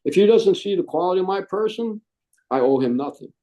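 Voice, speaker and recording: Animated middle-aged man telling a story. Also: high-pitched, brisk. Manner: animated, acts out quoted voices. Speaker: Marine veteran interviewee. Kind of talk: storytelling interview.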